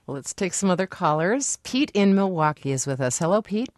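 A woman hosting a call-in radio show, chatty and quick to laugh as she asks questions. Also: on the low side, very animated, a little mellow, dry recording. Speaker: radio host.

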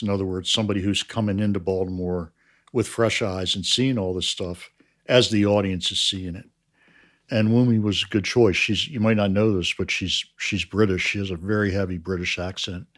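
This man, who helped create a crime series, has a lowish voice as he answers interview questions. He's measured and explanatory, with answers that tend to trail away quietly.

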